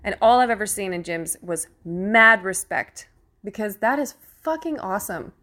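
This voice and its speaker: A woman's voice: mid-range voice, lively intonation, moderate pace, pushed and bright. A young woman giving a casual opinion monologue as host, earnest and emphatic, swearing freely and laughing often, close to tears with emotion.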